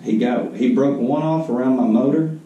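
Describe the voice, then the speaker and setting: A man's voice: mid-range voice, normal speed, recorded from a distance, highs cut off. Laid-back man, echoey room. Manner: laid-back storyteller, chuckling, agreeing often. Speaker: podcast co-host. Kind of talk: casual chat. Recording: echoey room, voice a bit off-mic.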